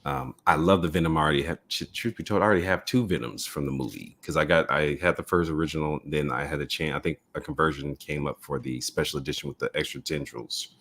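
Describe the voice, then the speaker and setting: A man hosting a toy review show in casual group chat, rambling with restarts and excited about collecting. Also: rumbling low, fast talker, few pauses.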